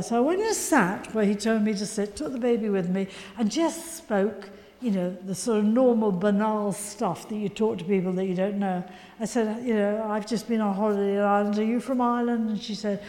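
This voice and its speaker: A woman preacher with a loud, carrying voice gives an earnest testimony sermon, urging her listeners on. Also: mid-range voice, fairly quick. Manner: earnest storytelling, urgent exhortation. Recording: echoey hall, long reverb.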